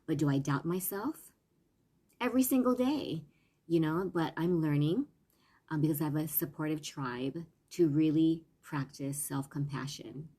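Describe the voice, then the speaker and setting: A woman's voice: deep voice, a little slow, warm tone, husky. A woman parenting coach and teacher giving a casual live-stream talk, earnest and meandering, with restarts.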